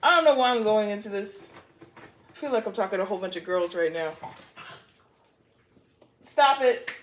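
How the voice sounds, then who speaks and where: A woman's voice: medium pitch, expressive, fast talker, slight background noise. A woman giving a casual tarot reading to camera, playful and blunt, swearing freely and laughing often. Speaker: tarot reader.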